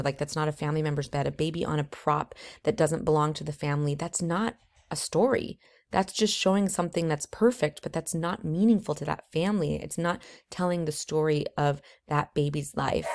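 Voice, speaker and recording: A woman's voice: low voice, a little mellow. A woman photographer teaching a lesson on newborn photography, earnest and conversational with casual asides. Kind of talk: course lesson.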